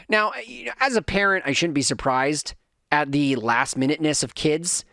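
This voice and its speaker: A man's voice: fairly high pitch, animated, normal speed, vocal fry, bright, forceful tone, no room sound, clean studio sound. A man in his thirties hosting a podcast, telling a rambling, self-correcting story in a casual rant that acts out his kids' voices. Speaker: podcast host.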